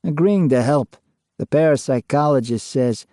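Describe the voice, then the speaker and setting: A man narrating a scripted ghost story in a measured, unhurried way. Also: mid-range voice, warm tone, dry recording, clean studio sound.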